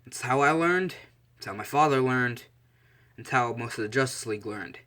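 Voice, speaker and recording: A man's voice: mid-range voice, normal speed, fairly bright tone, close to an everyday voice. A man voicing a cocky young assassin. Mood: sardonic. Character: young male assassin bodyguard, cocky and dry.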